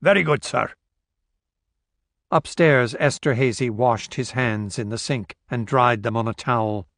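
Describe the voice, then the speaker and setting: A man narrating an audiobook in steady, measured scripted narration. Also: medium pitch, dry recording, studio quality.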